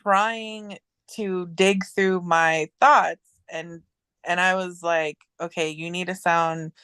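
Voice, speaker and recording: A woman's voice: lowish voice, steady tone, takes it slowly, fairly bright tone, clean tone, no room sound. A woman as a podcast guest in casual chat, telling a rambling story with many restarts and fillers.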